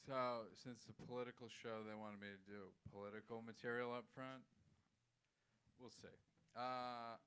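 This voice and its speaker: A man's voice: medium pitch, steady tone, normal speed, pushed and bright, slight background noise. A man doing a loose, conversational stand-up set on a comedy club stage, acting out voices in his stories.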